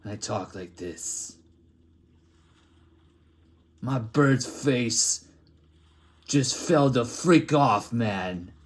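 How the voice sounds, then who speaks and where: Slow and lowish, with frequent pauses, this man is an artist improvising a comic story. He plays a grimy plague doctor from a back-alley town, rambling crudely through the monologue.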